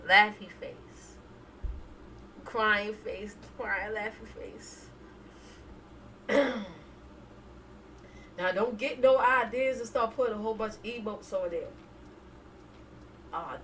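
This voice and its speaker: A woman's voice: medium pitch, measured pace, pauses often, a bit bright, distant mic, a little hiss or hum, low-quality recording. A woman hosting a casual live stream, chatting and laughing as she reads viewer emotes aloud. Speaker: reaction streamer.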